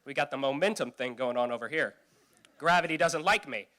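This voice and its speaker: Young male stand-up comic, animated storyteller, bright tone that swings wide. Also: a little fast. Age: young adult. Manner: animated storytelling, jumps to high squeaky voices for quoted people. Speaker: stand-up comedian. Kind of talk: stand-up comedy routine. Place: youth event stage.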